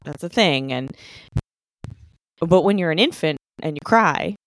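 A woman co-hosting a casual podcast, with a notably low voice. She lays out her points step by step and pauses to check that she is being followed. The recording is dry and close-miked. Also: animated, no room sound. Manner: explanatory, checks in with "okay?". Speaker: podcast co-host. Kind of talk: casual conversation.

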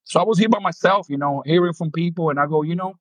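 Animated New York man telling stories. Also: fairly high pitch, fast talker, dry recording, low-quality recording. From Dominican Republic. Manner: animated storyteller, acts out quotes, laughs often. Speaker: former pro baseball player, guest. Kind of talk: storytelling interview.

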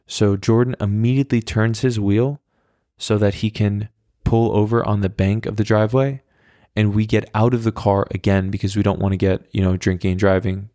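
A man's voice: fairly low pitch, a little mellow, no echo, studio quality. A young man in his twenties hosting a podcast, telling a long story in a rambling, wry way with plenty of swearing. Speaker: podcast host. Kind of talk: casual storytelling monologue.

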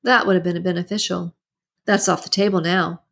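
A woman reading the lines of a tense young male kidnapper in an audiobook, terse and low-key. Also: steady tone, normal speed, creaky, fairly bright tone.

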